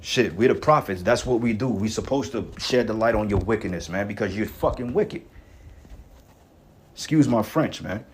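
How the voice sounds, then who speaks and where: A man preaching in a blunt, rough-talking, profane rant. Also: fairly low pitch, normal speed, a little hiss or hum. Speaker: online preacher.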